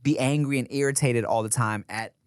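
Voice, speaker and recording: A man's voice: mid-range voice, brisk, smooth, no echo, clean studio sound. Slangy, opinionated man on a podcast. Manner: slangy, opinionated, says dog and bruh. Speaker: podcast co-host. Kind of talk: casual podcast chat.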